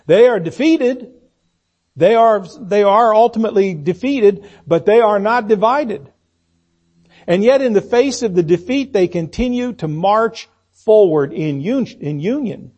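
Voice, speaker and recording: A man's voice: high voice, animated, unhurried, darkish tone, dull audio. A man preaching an expository sermon in a church, emphatic, repeating key phrases and asking the congregation questions.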